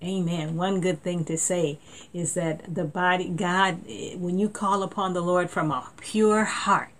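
A woman's voice: lowish voice, fairly even intonation, a little slow. A woman preaching a sermon in an earnest tone, often repeating words and reading scripture aloud.

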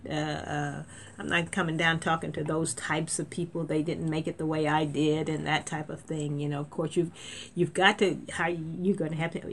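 A woman's voice: lowish voice, slight background noise. A woman preaching a sermon in a conversational way, with restarts and sudden emphatic lifts.

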